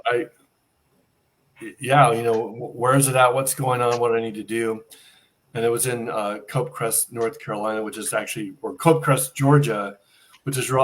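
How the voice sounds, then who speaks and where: A man's voice: mid-range voice, fairly bright tone. A middle-aged man telling a personal story as an interview guest, acting out the dialogue he quotes.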